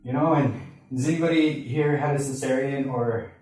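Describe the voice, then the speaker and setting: A man in a large room tells an audience a personal story, earnest and halting, slipping into the voices of the people he quotes. His voice sits at an ordinary pitch for a man and reaches the mic from a distance. The hall around him is strongly echoey. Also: steady tone, darkish tone. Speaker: speaker sharing a personal testimony. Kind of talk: emotional storytelling to a live audience.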